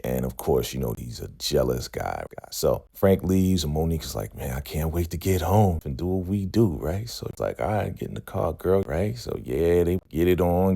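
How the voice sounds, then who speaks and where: Gravelly deep-voiced man recapping casually. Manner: relaxed storytelling, acts out characters' lines, frequent "right?". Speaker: recap show host.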